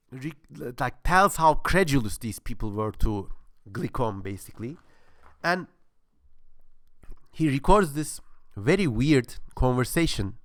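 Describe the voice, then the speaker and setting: A man's voice: mid-range voice, a bit bright, no room sound, studio quality. A man presenting a casual history talk, rambling with many fillers and crude humor, with a sore throat.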